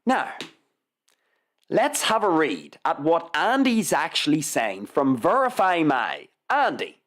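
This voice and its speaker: A woman's voice: low voice, very animated, takes it slowly. A woman hosting a live news commentary show, reading articles aloud with sarcastic, mocking asides and free swearing. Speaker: show host.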